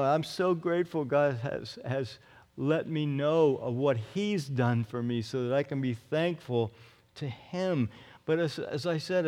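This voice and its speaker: Male pastor, unhurried and emphatic sermon delivery, slightly raised pitch, long hall reverb. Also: darkish tone. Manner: earnest, emphatic, repeats phrases.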